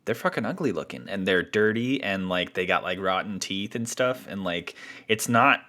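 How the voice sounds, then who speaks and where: Man, podcast co-host, very low voice, bright forceful tone, rambling casual chat. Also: animated, moderate pace. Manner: chatty, many fillers and restarts. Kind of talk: casual film discussion.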